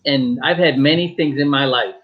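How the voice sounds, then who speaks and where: A man from Michigan, a talk show guest, telling a story in a joking, animated way with quoted dialogue and restarts. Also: medium pitch, moderate pace, dull audio.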